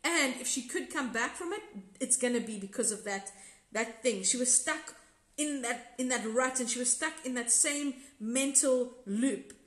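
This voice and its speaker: A woman's voice: fairly high pitch, unhurried, a bit bright. Chatty South African woman in a roomy space. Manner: rambling, self-correcting, candid. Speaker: episode reviewer and former contestant. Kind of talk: casual live recap chat reading viewer comments. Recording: roomy echo.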